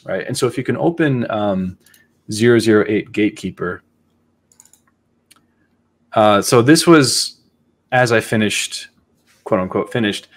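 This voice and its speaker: A man hosting a casual podcast, talking in a reflective, halting way as he thinks aloud. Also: lowish voice. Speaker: podcast host.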